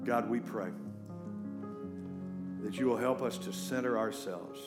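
A man preaching a sermon to a congregation, animated and emphatic. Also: a little slow, loud music behind the voice. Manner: animated, emphatic preaching with big pitch swings. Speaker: pastor. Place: church stage before a congregation.

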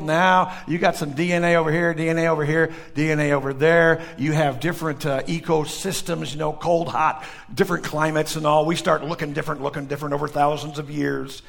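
A man preaches a sermon to his congregation in a fairly high voice with a gravelly edge. He swings between shouted, emphatic lines and soft, hushed stretches. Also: fairly quick, few pauses. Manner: animated preaching with sudden loud peaks and hushed drops. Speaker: pastor. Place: church sanctuary with a congregation.

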